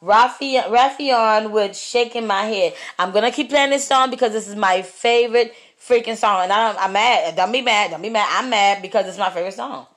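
A woman's voice: mid-range voice, normal speed. A woman hosting a music podcast, chatting casually between songs, laughing often and tripping over artist names. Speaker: radio podcast host.

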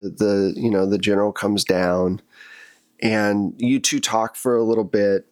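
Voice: low-pitched, little pitch movement, a little slow, darkish tone, dry recording. A game master narrating a tabletop game and prompting the players with questions.

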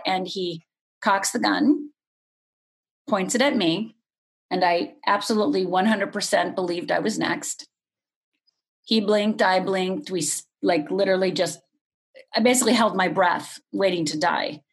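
Middle-aged woman guest, candid storyteller, even mid pitch, unhurried delivery. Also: creaky. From Upper Michigan, USA. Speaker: podcast guest. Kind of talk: personal storytelling.

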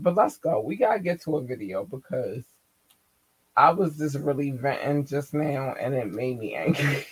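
A young man from Baltimore with a Baltimore accent, chatting casually on a stream, reading out viewers' cities with animated shout-outs. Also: fairly high pitch, a little slow, slightly rough, no room sound. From Baltimore, Maryland. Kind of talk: casual livestream chat.

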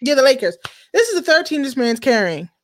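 Animated, slangy woman host. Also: high-pitched, a little fast. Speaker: show host. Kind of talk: casual commentary chat.

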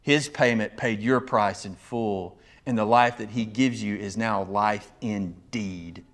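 A man preaching a sermon, animated, often acting out quoted voices of others. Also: lowish voice, slow. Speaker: pastor.

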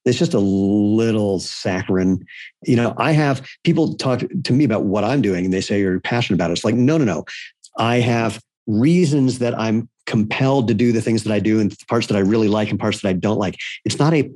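A man with a fairly low voice speaks as a podcast guest. He is blunt and irreverent and tells stories in a relaxed, conversational way. The sound is dry and close to the mic. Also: brisk, dry recording. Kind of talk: casual conversation.

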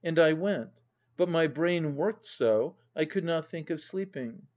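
A man narrating a classic novel as a volunteer audiobook reader, in an even, measured reading, on a dull lo-fi recording. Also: on the high side.

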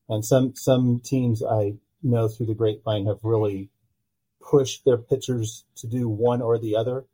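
A man guests on a casual podcast, his voice dark and mellow with a husky edge. He tells stories with animation and slips into the voices of the people he quotes. His pitch sits in the middle range for a man. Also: rough recording. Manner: animated storyteller who acts out quoted dialogue. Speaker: podcast guest, pitching analytics company founder.

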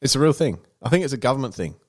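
A man in casual chat, blunt and sweary, clearing his throat now and then. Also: medium pitch, sing-song, racing.

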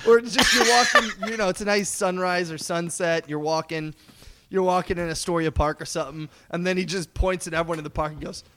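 A man's voice: sits high, brisk, sharp tone, dry recording. A man chatting as a podcast guest, laughing and teasing. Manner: laughing, mocking. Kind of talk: casual chat.

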